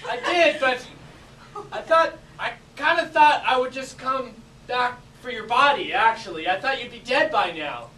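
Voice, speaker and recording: Bright, energetic improv player. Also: medium pitch, unhurried. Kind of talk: improv scene acting. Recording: roomy, distant mic.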